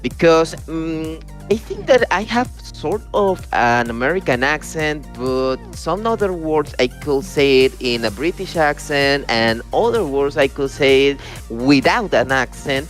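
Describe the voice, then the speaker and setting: A man's voice: a little high, expressive, a little slow, faint music behind. A man learning English, speaking hesitantly on an online voice call and stopping often to search for words. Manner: hesitant, searching for words, non-native phrasing. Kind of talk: casual group discussion.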